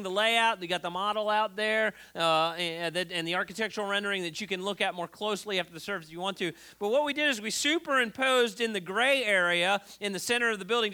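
A man's voice: high-pitched, pushed and bright. A male pastor giving a conversational sermon, telling stories with many fillers and restarts.

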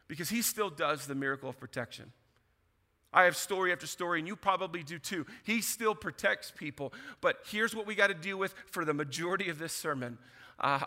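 A man preaching a sermon as pastor, emphatic and animated, often repeating words as he starts a thought. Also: sits high. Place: church sanctuary. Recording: church hall with long reverb.

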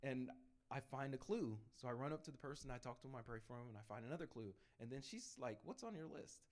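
On a panel, a man with a mid-range voice tells lively stories about his evangelism experiences as a testimony. He laughs between anecdotes and acts out bits of dialogue in quick asides.

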